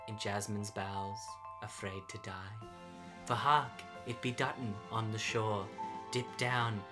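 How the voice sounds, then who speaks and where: Man voicing furry creature poet, melodramatic, halting mumble, music bed. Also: lowish voice. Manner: mumbling, halting with ums, then panicked yelling. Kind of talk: improvised comedy radio sketch. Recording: music playing behind.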